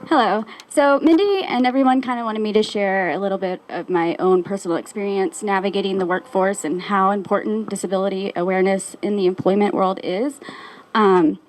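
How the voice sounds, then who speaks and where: A woman giving a short, earnest speech about her own experience, plain and steady with frequent ums. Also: medium pitch, fairly quick, rough recording. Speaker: staff member sharing personal experience.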